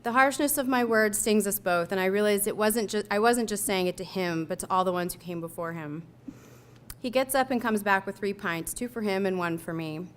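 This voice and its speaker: A young woman reading her own personal essay aloud, telling it in a measured, reflective way. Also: medium pitch. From United States.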